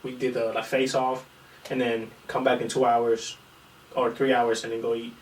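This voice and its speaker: A man's voice: medium pitch, little pitch movement, normal speed. Young man, rambling profane storyteller, roomy echo, distant from the mic. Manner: rambling, profane, acts out quotes. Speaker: podcast guest, amateur fighter. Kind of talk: casual storytelling chat. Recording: echoey room, far from mic, faint noise.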